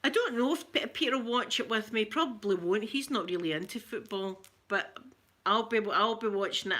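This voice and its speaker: Bright-voiced chatty Scottish woman. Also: medium pitch, a little fast. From Scotland. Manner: chatty, coos softly in baby talk to her pet. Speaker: ASMR channel host. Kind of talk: casual chat to viewers.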